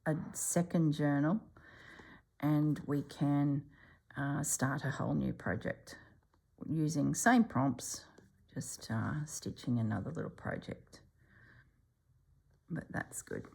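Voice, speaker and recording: A middle-aged woman hosts a casual stitching vlog, chatting as she stitches and often dropping into a soft, hushed whisper. Her low voice is gravelly, husky, and a little breathy, with an unhurried, homely feel.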